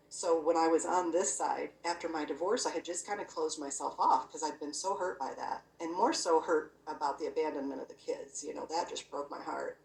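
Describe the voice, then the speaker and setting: A woman with a low, gravelly voice shares her personal story, earnest and chatty, leaning on "you know" as she goes. She sounds set back from the mic in an echoey room. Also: darkish tone, recorded from a distance. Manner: earnest, conversational, full of "you know" and "I'm like". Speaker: guest sharing a near-death experience. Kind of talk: personal testimony, casual storytelling.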